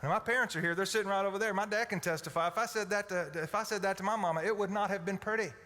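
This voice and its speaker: A man from Alabama, preaching a folksy, humorous sermon that swings from loud to hushed. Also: high-pitched, rapid-fire, a little hiss or hum. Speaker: pastor. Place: church sanctuary. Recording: echoey church hall.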